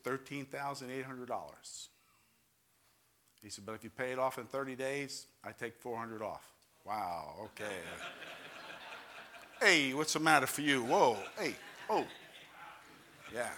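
An older pastor from New York, speaking with a New York accent, preaches a heartfelt testimony sermon. His tone is bright and punchy, and he swells into loud, fervent exclamations and repeated calls for amen from the congregation. His delivery is passionate and conversational at once. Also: medium pitch.

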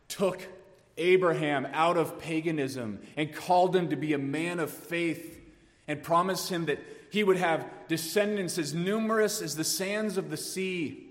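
A man preaching a sermon, swinging from hushed tones to emphatic rises. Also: on the high side, long reverb tail. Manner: dynamic preaching, dropping to hushed tones then rising emphatically. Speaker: pastor.

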